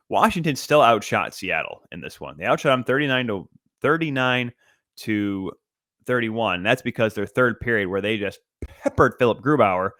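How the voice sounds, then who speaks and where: A man hosting a solo podcast, recapping games in an energetic, chatty play-by-play way with frequent asides and restarts. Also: on the low side, no echo, studio quality. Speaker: podcast host.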